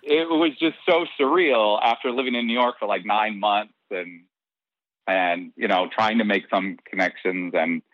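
A man being interviewed tells a long personal anecdote in a casual, animated way, acting out the dialogue and laughing between lines. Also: fairly low pitch, normal speed, dry recording. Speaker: interview guest. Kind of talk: casual storytelling. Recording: dull, lo-fi dry recording.

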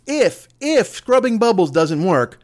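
A man puts on a brash, boastful president who sells reckless ideas like a street hustler. He swears freely and swaggers through every line. The voice swings high and bounces all over the place. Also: very animated, measured pace. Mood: swaggering. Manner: swaggering, profane, salesman-like. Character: brash boastful male president pitching dangerous cures.

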